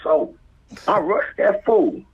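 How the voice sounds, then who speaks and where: Husky LA man telling a wild story. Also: high voice, takes it slowly. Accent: Los Angeles. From Los Angeles. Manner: lively, acts out voices and sound effects, drops to whispers. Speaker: guest storyteller. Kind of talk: animated street storytelling. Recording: tinny phone-like line.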